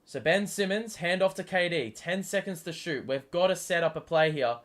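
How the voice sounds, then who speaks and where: This high-pitched man runs a live stream where he watches basketball and calls the action at a steady, moderate clip. Excitable and foul-mouthed, he keeps talking back to the players throughout his commentary.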